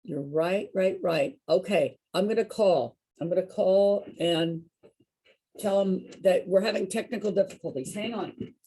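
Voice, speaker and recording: A woman's voice: medium pitch, a little slow, warm tone, breathy edge. A woman leading a group activity session over a video call, talking in a playful, chatty and encouraging way. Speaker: activity leader.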